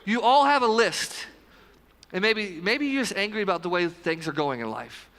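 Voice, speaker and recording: Bright high-voiced pastor, joking sermon. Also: male voice, expressive, in a large hall. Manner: conversational, talks straight to the congregation with quick asides. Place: church sanctuary, live service.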